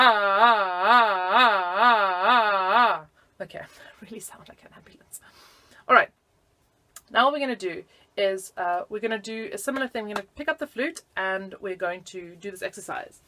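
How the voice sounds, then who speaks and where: A woman's voice: mid-range voice, fairly bright tone. A woman teaching flute in a casual video lesson, chatty and giggly with self-deprecating asides.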